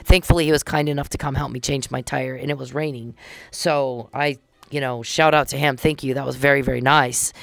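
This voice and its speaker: A woman's voice: very deep voice, steady tone, fairly quick, creaky, no echo. A middle-aged woman hosting a podcast, chatting casually and indignantly as she recounts events and acts out the conversations she had. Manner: chatty, indignant, retells conversations with quoted dialogue. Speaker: podcast host.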